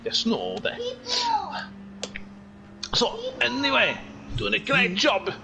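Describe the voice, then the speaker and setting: A man's voice: very high voice, huge pitch swings, slow pace, creaky, background noise. A man in a put-on North Welsh accent commentating a live sim race, joking and rambling into asides.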